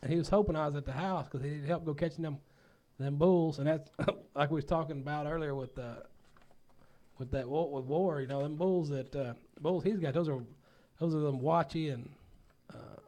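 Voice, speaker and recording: A man's voice: fairly high pitch, normal speed, dark tone. A man with a Texan accent hosting a ranch talk show, chatting in an easygoing country way and chuckling often. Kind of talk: casual interview chat.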